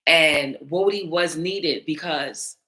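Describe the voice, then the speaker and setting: Low-voiced, forceful woman commentator. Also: slow pace. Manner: blunt, emphatic, swears freely. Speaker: battle rap panelist responding to viewer comments. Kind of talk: candid casual commentary.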